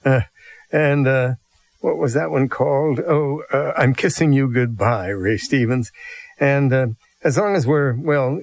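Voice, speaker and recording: A man's voice: mid-range voice, no echo. A man hosting a TV show, introducing a sketch in a rambling, hesitant way with many fillers. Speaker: TV host.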